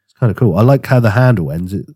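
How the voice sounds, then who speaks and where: A man's voice: lowish voice, animated, fast talker, darkish tone, slightly rough, no echo, clean studio sound. A man co-hosting a podcast, chatting casually and rambling about his woodworking with frequent laughs. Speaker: podcast co-host. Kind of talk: casual chat.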